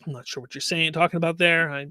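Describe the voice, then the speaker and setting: A man's voice: on the high side, fairly even intonation, quick pace, pushed and bright, smooth, no echo, studio quality. A man hosting a live fan news stream, reading chat comments aloud and ranting with exasperated rhetorical questions.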